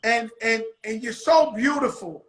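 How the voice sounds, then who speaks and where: A man's voice: extremely high pitch, a little slow, a bit bright, echoey room, rough recording. A man hosting a casual interview, brash and swearing freely, talking hype. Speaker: host.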